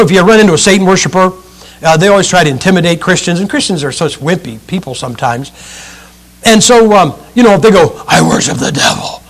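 A man preaching a sermon in an animated, joking way, firing off rhetorical questions to his listeners. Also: high-pitched.

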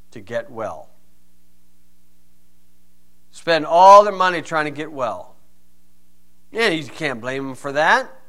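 A man's voice: on the high side, pushed and bright. A man teaching through Bible verses in a conversational way, asking rhetorical questions and telling personal stories.

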